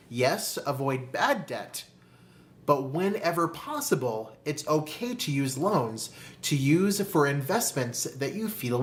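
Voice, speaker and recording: A host giving a motivational talk to camera about money, calling the listener "my friend" and asking rhetorical questions. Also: mid-range voice. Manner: slow, deliberate emphasis on key phrases. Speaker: personal finance video host.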